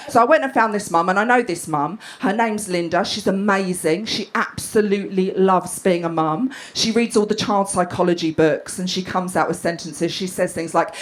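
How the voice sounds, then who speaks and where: A woman's voice: mid-range voice, normal speed, few pauses, slight background noise. A woman doing a stand-up set on a club stage, blunt and sweary, often laughing as she talks. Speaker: stand-up comedian.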